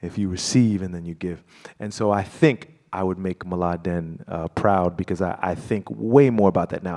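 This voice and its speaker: A man with a fairly low voice talks as a guest at a live event. He speaks in a reflective, halting way, often pausing on fillers and starting over. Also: warm tone. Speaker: guest performer. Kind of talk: live stage conversation. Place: live event before an audience.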